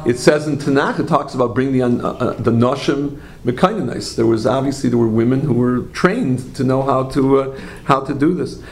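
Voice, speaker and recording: A man teaching a religious class, an animated storyteller who asks rhetorical questions, makes asides to his listeners, and often corrects himself mid-phrase. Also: medium pitch, brisk, hardly any pauses. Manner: frequent self-corrections and trailing phrases. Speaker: Torah teacher.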